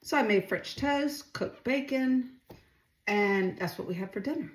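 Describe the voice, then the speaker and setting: A woman's voice: fairly high pitch, a little slow, roomy sound. A middle-aged woman chatting casually while she cooks, rambling and asking viewers questions. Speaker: home cooking vlogger. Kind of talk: casual chatty cooking vlog. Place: home kitchen.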